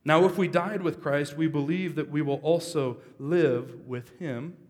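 A man, a pastor, giving a joking, conversational sermon at a church service, with sudden loud bursts of emphasis. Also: on the high side, a little slow. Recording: long reverb of a large hall.

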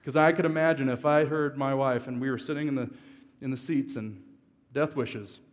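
A man, a pastor, giving a joking, conversational sermon at a church service, with sudden loud bursts of emphasis. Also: medium pitch, fairly even intonation, normal speed. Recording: long reverb of a large hall.

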